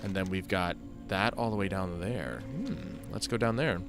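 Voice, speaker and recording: A man's voice: deep voice, normal speed, over music. Rambling man narrating his gameplay. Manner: rambling, thinking aloud, self-mocking. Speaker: gaming video host. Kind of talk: casual gameplay commentary.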